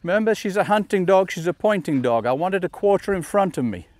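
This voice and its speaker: A man training a dog outdoors, explaining each step and calling the dog with calm, coaxing commands. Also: sits high, fairly quick, no echo. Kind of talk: instructional demonstration. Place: outdoors in a field.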